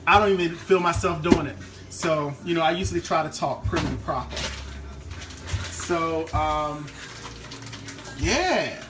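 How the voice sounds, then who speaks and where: A man's voice: on the high side, measured pace, long pauses, over music. A man from Maryland's Eastern Shore with a hint of its accent, chatting casually with viewers while cooking in his home kitchen. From Eastern Shore of Maryland, USA. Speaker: host of a live cooking stream. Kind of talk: casual live-stream cooking chat.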